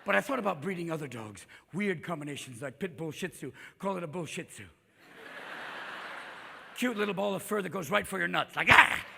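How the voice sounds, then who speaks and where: High-energy stand-up comic, high lively voice, gravelly edge, bright, reverberant live hall. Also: male voice, fairly quick, noisy background. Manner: manic, profane, jumping into voices. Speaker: stand-up comedian. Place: live theater stage.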